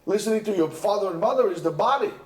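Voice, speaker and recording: A man's voice: high-pitched, animated, fast, a little mellow. A man teaching a Torah lesson at a yeshiva, impassioned, repeating himself and restarting phrases. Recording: echoey room.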